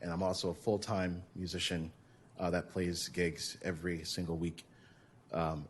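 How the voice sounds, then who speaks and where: A man speaking as a music commissioner during public comment at a board meeting, polite and measured, with frequent hesitations. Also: low-pitched, flat delivery, a little hiss or hum.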